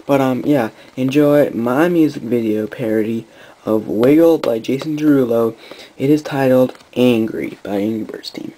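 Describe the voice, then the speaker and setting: A man hosting his own channel, chatting casually and excitedly, rambling with lots of fillers and restarts. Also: medium pitch, normal speed, slight background noise, low-quality recording. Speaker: channel host. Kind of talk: casual vlog chat.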